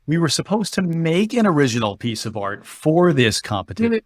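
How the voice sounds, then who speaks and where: A man's voice: fairly high pitch, very animated, moderate pace, dry recording. Stammering man in a dry, close recording. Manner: stammering, self-conscious. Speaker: podcast co-host. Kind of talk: casual chat.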